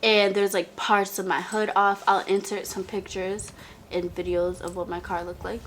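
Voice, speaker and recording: A woman's voice: medium pitch, little pitch movement, normal speed, a bit bright, slight background noise. A young woman telling a casual storytime to her viewers, chatty and full of "like" fillers, calling the viewer "girl".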